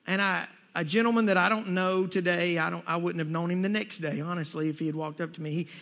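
A man with a fairly high voice delivers a sermon, telling his own stories in an earnest way. He presses his points with growing emphasis. Long reverb hangs on his words in a hall. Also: fairly even intonation, fast, a bit bright. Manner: earnest storytelling, rising emphatic near the end. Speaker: preacher.

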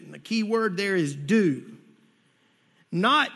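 A man's voice: sits high, expressive, slow pace, pauses often, pushed and bright, husky. A man preaching a sermon, telling personal stories earnestly and building to emphatic points. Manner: earnest storytelling, rising emphatic near the end. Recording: long hall reverb.

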